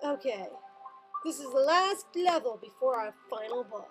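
A woman giving gaming commentary as a let's player, gleeful and excitable, with squeals and cackling. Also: high-pitched, normal speed, faint music behind.

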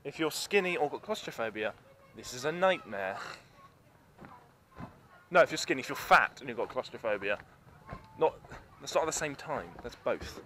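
A man's voice: mid-range voice, normal speed, pauses often. A man chatting casually through a vlog and directing his friend around an outdoor theme park. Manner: chatty, animated, giving directions. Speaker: vlogger. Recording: noisy outdoor camera audio.

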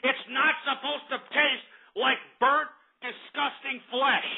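A man's voice: extremely high pitch, steady tone, takes it slowly, creaky, husky. A man from Texas, hosting a talk radio show in a profane, heated rant. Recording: tinny phone-like internet radio.

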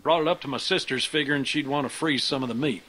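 A grizzled, hard-bitten uncle barks orders to the survivors in a game, voiced by a man. His speech is stern and blunt, and his tone stays bright and hard-edged. Under him lies a faint hiss. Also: mid-range voice, fast, lightly acted, poor audio. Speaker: video game character. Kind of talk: game dialogue.

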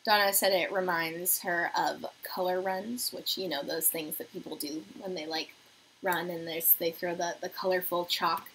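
A young woman hosting a beauty livestream from her apartment, chatting casually while doing her makeup and reading viewer comments aloud, sometimes dropping to a soft murmur. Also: fairly low pitch, fairly even intonation, moderate pace, slight background noise, poor audio. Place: home apartment.

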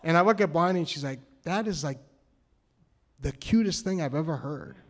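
A man from New Hampshire telling a story on stage, nervous and halting, with many restarts. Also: on the high side, lively intonation. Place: cultural center hall, live audience.

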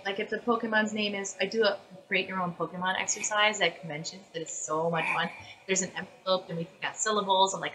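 A woman voice actress chatting casually as an interview guest, animated and full of fillers and restarts. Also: mid-range voice, fast talker, low-quality recording.

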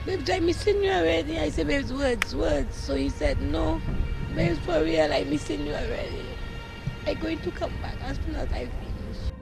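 A woman's voice: high-pitched, normal speed, vocal fry, loud music behind the voice, rough recording. A woman with a Saint Lucian accent recounting a farewell in strained speech. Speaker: interviewee. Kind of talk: emotional testimony.

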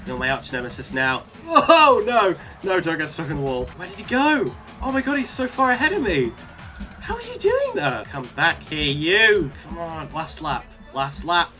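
A young man talks through a racing game, excitable, with a lively voice that swings up and down. His tone is bright and he takes his time between words. Faint game music plays behind him. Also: fairly high pitch. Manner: excitable, yelling and laughing at wins and crashes. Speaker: gaming video creator. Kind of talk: playing a racing game with live commentary.

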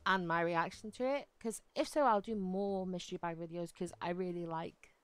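A woman's voice: fairly low pitch, normal speed, clear, resonant tone. A woman streaming a video game live, chatting casually and giggling as she talks straight to her viewers. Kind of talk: casual live-stream chat while playing.

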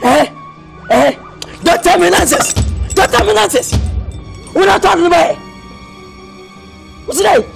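An actor with a Ghanaian accent playing a hot-tempered man haggling over his car, shouting and repeating himself. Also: very high-pitched, expressive, measured pace, gravelly, pauses often, soft background music, exaggerated voice. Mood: furious. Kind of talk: film drama acting.

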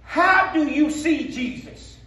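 Preacher in an echoey church hall. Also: male voice, extremely high pitch, takes it slowly. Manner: call-and-response preaching, rising to shouts. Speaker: pastor. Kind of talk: sermon. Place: church sanctuary. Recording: echoey sanctuary from a distance.

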